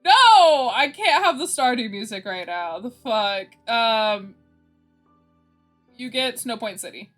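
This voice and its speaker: Giggly streamer girl, high bright voice, unhurried, bit of music under it. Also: animated. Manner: giggly, laughs often between lines. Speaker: livestream host. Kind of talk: casual chat with viewers. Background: faint background music.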